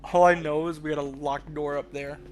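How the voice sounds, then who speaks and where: A man's voice: a little high, flat delivery, moderate pace, slight background noise. A man hosting a let's play, rambling casually and thinking aloud, with the odd swear. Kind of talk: rambling gameplay commentary.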